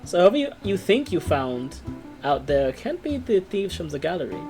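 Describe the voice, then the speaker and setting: Male GM voicing a formal, curt woman librarian, pitched up a touch, guitar music underneath. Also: fast, natural voice. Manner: polite, formal, slightly curt. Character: senior woman librarian, proper and guarded.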